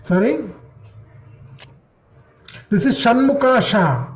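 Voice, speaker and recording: A man leads an online class at an unhurried pace. He drills sounds one after another, repeating each one patiently. He keeps checking that his students have understood. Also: very high voice, lively intonation. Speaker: teacher.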